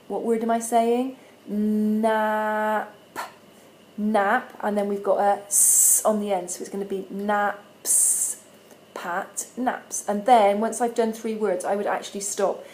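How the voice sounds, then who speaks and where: A friendly instructional video for parents features a primary school teacher who patiently sounds out letters, slow and clear. Her voice is mellow and medium-pitched, recorded in low quality with a little hiss or hum.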